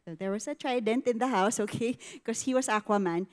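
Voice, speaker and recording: A woman's voice: on the high side, fairly quick, few pauses. A middle-aged woman with a Filipino accent, giving a conversational sermon testimony at a women's ministry, telling stories vividly, slipping into Tagalog and acting out what people said. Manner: animated storytelling, switching into Tagalog, acting out quotes.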